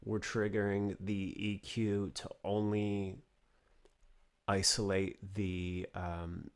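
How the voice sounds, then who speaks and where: A man's voice: lowish voice, little pitch movement, clear, resonant tone. A man giving a casual home studio tutorial, thinking aloud and restarting sentences as he works. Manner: thinking aloud, halting with restarts while working. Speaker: music production tutor. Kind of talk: casual screen-recorded tutorial.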